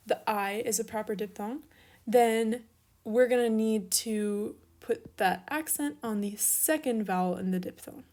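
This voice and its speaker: This young teacher has a warm, somewhat high voice. In her recorded grammar lesson she writes out examples and walks through every step patiently.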